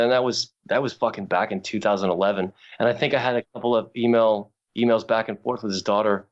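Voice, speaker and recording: A man's voice: medium pitch, a little fast, lo-fi sound. A man, a guest artist, telling rambling, profane anecdotes in a casual podcast chat.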